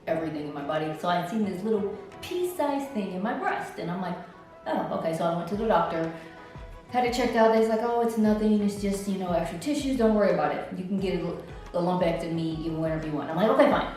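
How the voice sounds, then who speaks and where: A woman telling her own story in a casual, animated way, often acting out what others said in a high voice. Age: older. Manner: animated, acts out other people's lines in a high voice. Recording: roomy echo, distant from mic.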